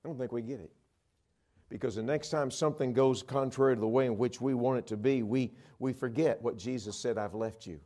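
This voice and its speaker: A man preaching a sermon, telling stories and swinging between loud emphatic lines and hushed ones. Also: medium pitch, fairly quick.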